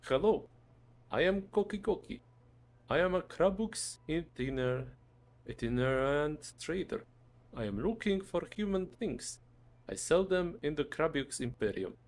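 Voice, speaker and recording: A man's voice: fairly high pitch, animated, unhurried, voice pushed up. A man voicing a male crab trader from space who speaks in stiff, clipped sentences. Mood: cheerful.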